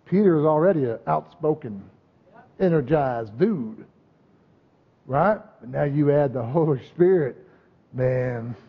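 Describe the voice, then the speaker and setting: A high-pitched man preaches with emphatic, call-and-response energy, checking in with his listeners again and again. His voice rings with the long reverb of a large hall. The sound is dull and muffled. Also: lively intonation, unhurried, pauses often, husky. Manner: emphatic, calls out "Amen?" and "right?" to the congregation. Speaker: pastor. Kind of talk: sermon.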